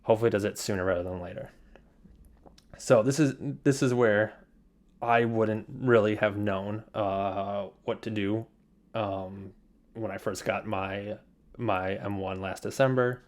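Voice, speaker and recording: A man's voice: lowish voice, fairly even intonation, a little slow, a little mellow. A young man walking through his computer setup in a casual, rambling screencast, with lots of fillers and repeated words. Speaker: software developer demonstrating his setup.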